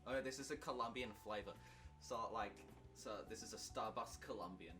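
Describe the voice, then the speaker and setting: A man's voice: fairly low pitch, moderate pace. A man co-hosting a casual podcast, teasing his friends and laughing often. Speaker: podcast co-host. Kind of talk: casual chat. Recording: distant mic with background music.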